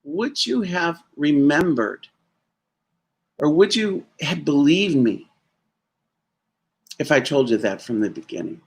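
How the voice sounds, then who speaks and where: A man voicing a kind, motherly good witch in a retold storybook tale, calm and firm. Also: on the high side, slow, long pauses, heavily acted.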